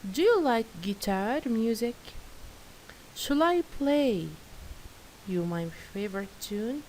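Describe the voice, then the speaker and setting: Female teacher, unhurried, encouraging, light hiss on the track. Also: a little high, very animated, a little mellow, low-quality recording. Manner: patient, praising, careful and slow. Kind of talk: classroom lesson, reading workbook answers. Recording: faint hiss.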